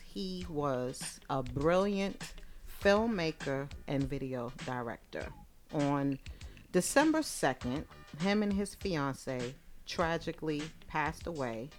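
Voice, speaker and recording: A woman co-hosting a podcast in casual chat, playful and slangy, who laughs often. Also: low-pitched. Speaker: podcast co-host.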